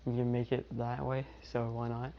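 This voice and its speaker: A man's voice: mid-range voice, monotone, fairly quick, creaky, slight background noise. A young man casually telling a fan-made story, rambling along with restarts and "you know"s, on a dull lo-fi recording. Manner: rambling, lots of fillers and restarts.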